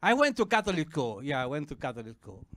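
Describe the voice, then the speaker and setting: A man from Argentina with an Argentine Spanish accent performing a stand-up comedy set on a club stage, animated and breaking into shrieking high silly voices. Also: fast, no room sound, clean studio sound.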